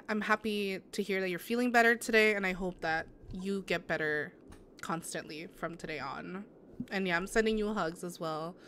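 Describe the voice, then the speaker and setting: A woman streaming a game talks casually and sympathetically to her chat, rambling with lots of restarts and fillers. Her pitch sits in an ordinary middle range. A faint noise hangs under her voice. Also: a bit bright. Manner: sympathetic, answers chat messages. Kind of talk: casual live-stream chat while gaming.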